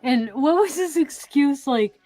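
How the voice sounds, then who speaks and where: A woman on a movie-review podcast chimes in with amused remarks. Her voice sits a little high, and she speaks at an unhurried pace. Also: animated, mellow. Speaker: podcast co-host. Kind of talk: casual movie-review chat.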